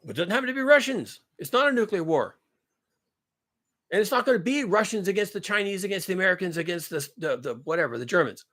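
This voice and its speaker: A man's voice: high voice, animated, fast, a bit bright. A man in a ranting monologue, urgent and blunt, swearing and repeating lines for emphasis. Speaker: climate commentator.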